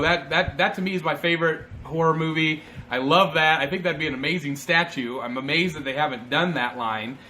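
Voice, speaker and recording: Guy chatting on a collectors show, bright tone, a bit higher pitched, jokey, faint noise. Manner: joking, says "mate" and "bloody". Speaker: co-host. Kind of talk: casual chat.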